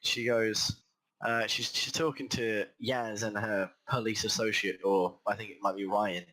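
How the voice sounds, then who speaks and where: A man's voice: on the low side, little pitch movement, measured pace, bright, forceful tone, rough recording. A man, a guest in a casual chat, talking in long, rambling complaints.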